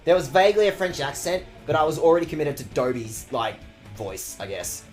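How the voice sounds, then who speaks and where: A man's voice: on the high side, brisk, soft background music. A man streaming a game with sweary, jokey commentary. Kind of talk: casual gaming commentary.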